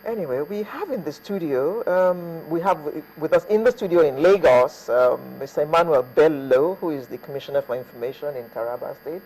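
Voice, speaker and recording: A man's voice: fairly high pitch, expressive, a little fast, few pauses, a little mellow, a little hiss or hum, low-quality recording. A man hosting a morning TV talk show in a studio, chatty with hesitant fillers as he sets up the news and introduces guests. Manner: chatty, hesitant fillers, reads names off a list.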